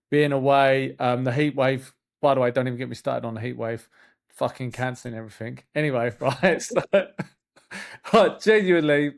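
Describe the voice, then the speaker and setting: This is a man in his thirties with a gravelly, creaky edge to his voice, sitting a little higher than most men. He hosts a casual podcast and talks in a rambling, animated way, starting sentences over and dropping the odd swear word. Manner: rambling, animated storytelling with frequent restarts and swearing. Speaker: podcast host and youth football coach.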